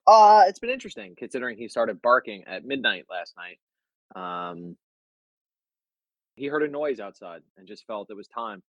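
A male comedian guest in casual chat, an animated storyteller who laughs often. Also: medium pitch, normal speed, dry recording, rough recording.

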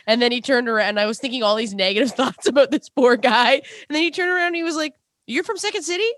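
A woman's voice: fairly high pitch, quick pace, fairly bright tone, dry recording, clean studio sound. A woman with a Canadian accent, co-hosting a podcast in casual chat, laughing often as she tells a story.

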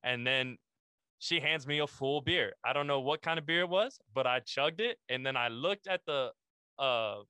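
A man's voice: medium pitch, moderate pace, sharp tone, smooth, no echo. A young man, a podcast guest, telling a casual story full of slang and swearing, calling the listener "bro".

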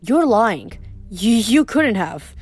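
A woman reading aloud, voicing a smug, menacing young male villain who speaks slowly and calmly. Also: medium pitch, breathy edge, exaggerated voice. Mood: furious. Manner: calm, drawn-out menace.

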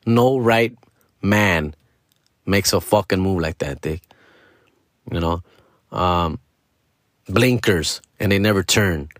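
A man's voice: deep voice, slow, long pauses, dry recording, clean studio sound. A middle-aged man venting in a casual, profane monologue, slipping into Spanish slang. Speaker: comedian podcaster.

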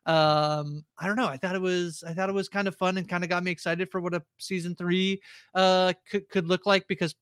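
A man's voice: high-pitched, flat delivery, brisk, fairly bright tone, clean tone, no room sound, studio quality. A man co-hosting a TV recap podcast in casual chat, rambling with many fillers and restarts. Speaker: podcast co-host.

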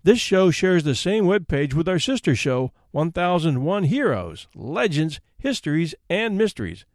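A man hosting a story podcast, reading a classic tale aloud with expressive narration. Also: fairly high pitch, moderate pace, dry recording, clean studio sound.

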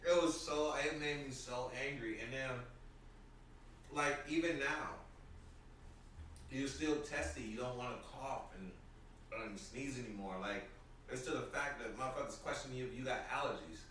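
A man's voice: medium pitch, normal speed, far from the mic. A man chatting casually on a podcast, telling stories with lots of slang and laughter. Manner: animated, laughing storyteller, heavy slang. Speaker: podcast co-host. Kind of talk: casual chat. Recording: very echoey room, off-mic, faint noise.

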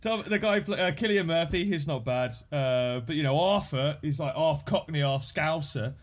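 A man's voice: fairly high pitch, expressive, moderate pace. A man from Birmingham with a Brummie accent, chatting casually and laughing often, self-deprecating. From Birmingham, England. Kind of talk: casual chat.

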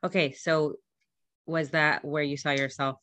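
A woman's voice: low-pitched, level tone, a little slow, heavy background noise. A woman hosting an interview, asking curious, rambling questions with enthusiasm. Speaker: interviewer, host. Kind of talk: casual interview chat.

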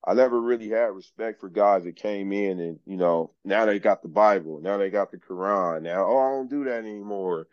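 A man's voice: deep voice, fairly even intonation, moderate pace, hardly any pauses, dry recording, muffled recording. A man, a podcast guest, telling his life story in a laid-back, frank way and often saying "man". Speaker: podcast guest, journeyman lineman. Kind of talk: casual storytelling interview.

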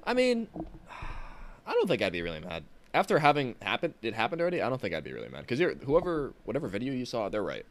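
A man's voice: mid-range voice, wildly swooping pitch, fast. A young man co-hosting a podcast, talking bluntly and swearing casually, trailing off with "blah, blah". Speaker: podcast co-host. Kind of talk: casual chat.

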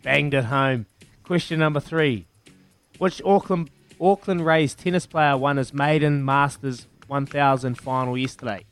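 A man's voice: medium pitch, fairly even intonation, unhurried, faint music behind. A man with a New Zealand accent hosting a breezy radio quiz, teasing callers and counting down aloud. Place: radio studio.

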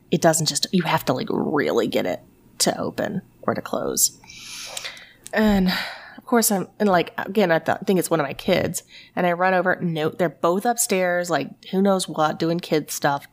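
Animated woman telling a ghost story. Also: on the low side, moderate pace. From Tennessee. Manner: animated, swearing, fillers like "like". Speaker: ghost story podcast host. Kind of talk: casual storytelling chat.

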